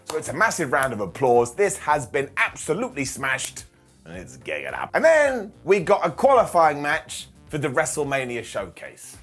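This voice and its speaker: A man in his thirties recapping a wrestling show in a sarcastic, jokey monologue full of quick mock impressions. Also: a little high, huge pitch swings, a bit bright, soft background music.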